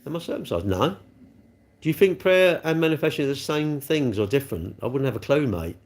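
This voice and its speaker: A man's voice: mid-range voice, very animated, a little fast. A middle-aged man chatting bluntly on a livestream, reading out comments and mocking himself. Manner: chatty, blunt, self-mocking, laughs often. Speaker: livestream host, car dealer.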